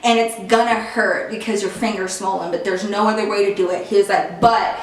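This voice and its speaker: A woman's voice: mid-range voice, fairly even intonation, fairly quick. A woman vlogger telling a storytime in casual slang, packed with "like" fillers. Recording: very echoey room, far from mic.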